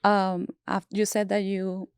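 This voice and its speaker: A woman's voice: medium pitch, completely flat delivery, measured pace, darkish tone, clean tone, no room sound, clean studio sound. A woman hosting a podcast interview, encouraging her guest with frequent short backchannels. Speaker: podcast host. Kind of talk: casual interview conversation.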